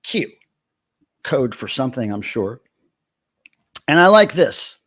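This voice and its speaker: Jokey middle-aged livestream host. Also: male voice, medium pitch, sing-song, slow, a bit bright. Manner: jokey, greets chat viewers by name. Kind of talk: casual livestream chat.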